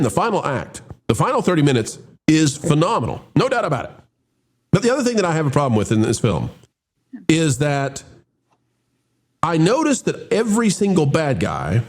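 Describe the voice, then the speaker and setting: A man's voice: on the high side, darkish tone. A man hosting a casual movie review chat, opening with showman-style greetings and rambling with restarts. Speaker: host.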